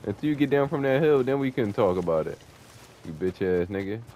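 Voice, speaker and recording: Lively trash-talking young man gamer. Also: lowish voice, a little fast. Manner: taunting, profane, excitable, yells at opponents. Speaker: gamer streaming online play. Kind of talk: trash-talking gameplay commentary.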